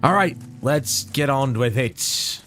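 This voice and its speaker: A man's voice: mid-range voice, animated, slow pace, fairly bright tone, soft background music. A man casually commenting on his game during a livestream, playful and jokey, muttering to himself as he plays. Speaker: game streamer.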